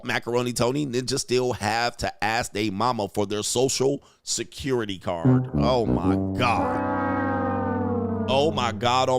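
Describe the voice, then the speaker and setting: A young man coaching on dating hosts a loose livestream, reading out viewer messages one after another. He talks bluntly, in street slang and with plenty of swearing, at an ordinary middle pitch. The recording is dry and close, with no room echo. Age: young adult. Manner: blunt, profane, slangy ranting. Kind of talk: livestream chat, reading viewer donations aloud.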